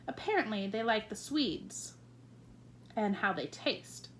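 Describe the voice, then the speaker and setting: A woman reading aloud, voicing a composed, commanding queen who speaks crisply. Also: medium pitch, big pitch swings, slow. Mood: matter-of-fact. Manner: crisp, imperious.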